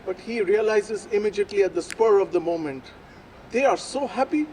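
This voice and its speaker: A man telling a folk story aloud at a live event, with slow, deliberate phrasing and dramatic pauses. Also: high voice, animated, a little mellow, a little hiss or hum, rough recording. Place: outdoor public plaza.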